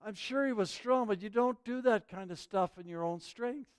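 Brief: male pastor, high smooth voice, lively storytelling sermon. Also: normal speed, no room sound, clean studio sound. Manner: animated storytelling preacher.

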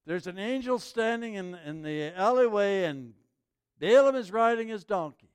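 Man preaching, pretty high voice, dry close sound, tells stories with lots of energy. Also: normal speed, clean tone, no room sound. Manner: animated storytelling preacher. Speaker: pastor. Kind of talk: sermon.

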